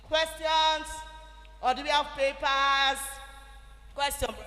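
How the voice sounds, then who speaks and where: A young Nigerian woman with a Nigerian English accent, giving an animated, emphatic teaching talk to a church audience. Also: sits high, slow. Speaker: church speaker. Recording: echoey hall with faint music.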